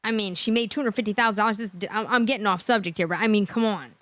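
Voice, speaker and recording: A woman hosting a reaction livestream, animated and laughing often as she talks to her chat. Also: mid-range voice, racing, no echo. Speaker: livestream host.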